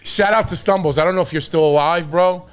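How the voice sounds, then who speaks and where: Profane animated man telling stories. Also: a little high, fairly quick, smooth. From New York. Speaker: podcast host. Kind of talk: casual storytelling.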